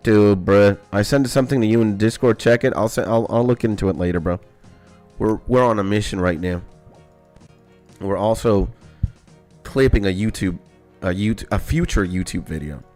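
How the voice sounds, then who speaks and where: Excited, slangy young man streaming. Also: lowish voice, normal speed, pauses often, soft background music. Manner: excited, swears a lot, slangy. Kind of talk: casual gaming stream chat.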